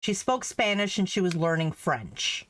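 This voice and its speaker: A woman's voice: on the low side, big pitch swings, a little slow, a bit bright. A middle-aged woman, a former French teacher, chatting casually and telling stories, laughing often. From Canada. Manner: chatty, laughs often, acts out quoted voices. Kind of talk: casual storytelling while embroidering.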